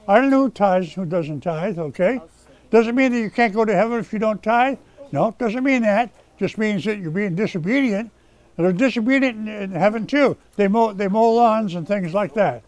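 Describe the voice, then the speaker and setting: High-voiced preacher, dry close sound. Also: male voice, no room sound. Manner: scolding, swings from loud rebuke to quiet prayer. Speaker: pastor. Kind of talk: sermon. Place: rescue mission chapel.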